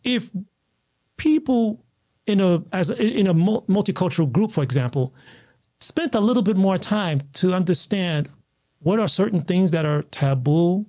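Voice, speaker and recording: A man from the United States, a guest on a talk show, telling stories in an excitable, animated way with many restarts. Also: sits high, moderate pace. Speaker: guest, martial artist. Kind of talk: casual conversational storytelling.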